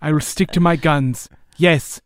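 A man's voice: a little high, fairly even intonation, measured pace, smooth, dry recording, studio quality, natural voice. A man playing a grandiose male artist.

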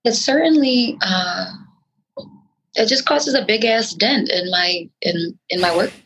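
A woman from New York, a rapper talking in a casual interview, with a nasal voice and halting speech full of restarts. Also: a bit bright, a little hiss or hum, rough recording. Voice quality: nasal, sometimes high-pitched. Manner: frantic, halting speech with many restarts and fillers. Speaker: rapper guest.

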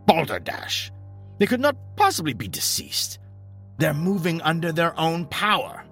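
A man playing a horrified blustering gentleman, high strained pitch, indignant, soft music behind. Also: wildly swooping pitch, measured pace, slightly rough, full character voice. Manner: indignant, choked outbursts. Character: horrified, blustering male visitor, the storyteller himself.

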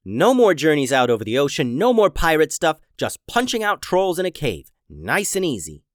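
A man's voice: fairly low pitch, huge pitch swings, moderate pace, a bit bright, breathy edge, no room sound, clean studio sound, pitched below the performer's own voice, exaggerated voice. A man voicing a fed-up young woman ninja in a children's story, speaking in a raised, complaining voice. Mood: grumbling. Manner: complaining, emphatic.

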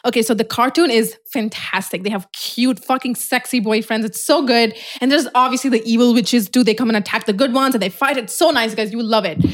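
A young woman co-hosting a podcast in casual, excitable chat, swearing freely. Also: on the high side, brisk, few pauses. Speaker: podcast co-host.

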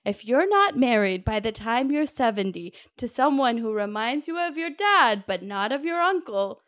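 A cheeky young spellcaster with a teasing, self-satisfied way of talking, played by a woman. Her voice sits a little high and swings lively up and down. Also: moderate pace. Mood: sly. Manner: cheeky, pleased with herself, teasing.

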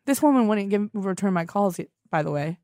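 A woman's voice: medium pitch, expressive, a little fast, darkish tone, dry recording, studio quality. A young woman hosting a comedy podcast, talking in a melodramatic, accusatory, whiny way. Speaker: podcast host. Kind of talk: improvised comedy phone call.

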